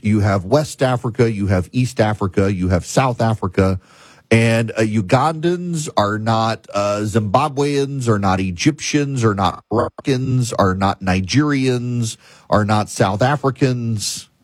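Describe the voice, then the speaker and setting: Husky-voiced man commentating. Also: medium pitch, no echo. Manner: emphatic, lists and repetitions, frequent restarts. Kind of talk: opinionated political monologue.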